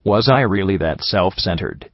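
A man narrating a first-person story as an audiobook reader, in a steady, measured way. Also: low-pitched, no echo. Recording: dull lo-fi audio.

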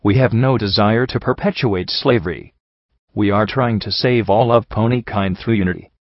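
Lacune, a man voicing a calm alicorn goddess. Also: fairly low pitch, no room sound. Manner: calm, measured, speaks as "we". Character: calm female alicorn hive-mind goddess. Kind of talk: audiobook character reading. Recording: dull dry recording.

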